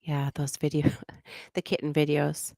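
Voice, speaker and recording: A woman's voice: low voice, monotone, moderate pace, creaky, dark tone, dry recording, studio quality. A middle-aged woman hosting a true crime channel, chatting casually and rambling with frequent laughs. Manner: rambling, laughs often, slips into goofy voices. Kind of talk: casual livestream chat.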